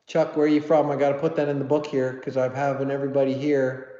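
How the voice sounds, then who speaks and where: A man's voice: mid-range voice, level tone, quick pace, dark tone. A man hosting a casual live stream, chatting with viewers, reading their comments aloud and joking about his own memory. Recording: dull, roomy audio with long reverb.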